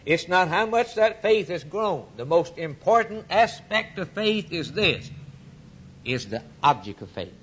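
A man's voice: sits high, very animated, unhurried, fairly bright tone, a little hiss or hum. A man preaching a sermon, emphatic and dramatic, repeating key lines for effect.

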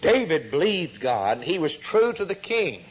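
A man's voice: big pitch swings, moderate pace, breathy edge, rough recording. A man preaching a sermon, telling a story and acting out the quoted voices. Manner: storytelling preacher, acts out quoted voices, rises in pitch when stirred.

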